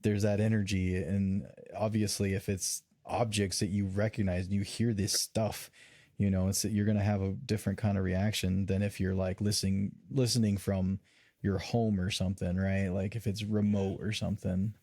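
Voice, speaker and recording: A man's voice: on the low side, little pitch movement, normal speed, dark tone, dry recording, clean studio sound. A man hosting a podcast, chatting casually with guests in a loose, rambling way with many fillers. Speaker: podcast host. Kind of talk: casual group chat.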